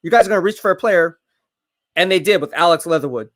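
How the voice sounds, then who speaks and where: A man hosting a live stream, giving casual commentary, boastful and laughing often, with quick bursts of excitement. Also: high voice, no room sound, studio quality.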